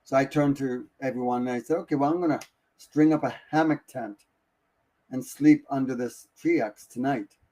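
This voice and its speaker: A man telling a story in a relaxed, conversational way, with many restarts and hushed, excited moments. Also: medium pitch, moderate pace. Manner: animated, breathless retelling with many restarts. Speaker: guest. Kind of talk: casual storytelling.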